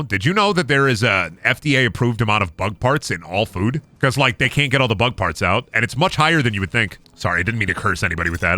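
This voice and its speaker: Goofy and rambling, this young gaming streamer jokes and sings through casual live-stream commentary while he plays. His mid-range voice sounds pushed and bright, and the recording is dry.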